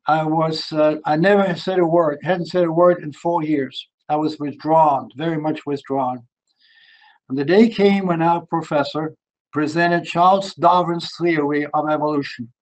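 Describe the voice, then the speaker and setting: A man's voice: on the high side, low-quality recording. An older man with a German accent, giving a fervent sermon testimony about his childhood. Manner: rising to fervent, emphatic preaching. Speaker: preacher.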